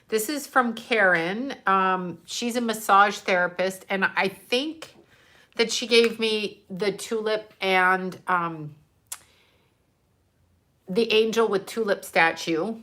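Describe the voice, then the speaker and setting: A woman's voice: mid-range voice, slow, pushed and bright. A woman chatting casually on a live stream from home, scattered and effusive, talking straight to a camera mic. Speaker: livestream host.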